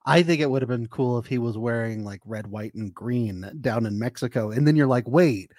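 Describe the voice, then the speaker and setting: A man's voice: mid-range voice, fairly quick, a little mellow, dry recording, clean studio sound. Laughing joking male podcast co-host. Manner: joking, laughs often between lines. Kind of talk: casual recap chat.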